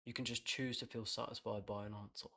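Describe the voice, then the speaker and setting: A man's voice: fairly low pitch, level tone, fairly quick, vocal fry, pushed and bright. A man, talking candidly and reflectively on a personal podcast, blunt and swearing freely.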